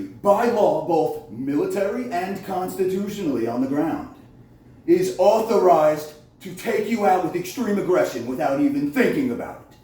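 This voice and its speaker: Pitched fairly high yet dark in tone, a man's voice carries a heated, profane, accusatory monologue aimed at the camera. It was shot on a phone, and the very echoey room, distant mic and faint noise are all audible.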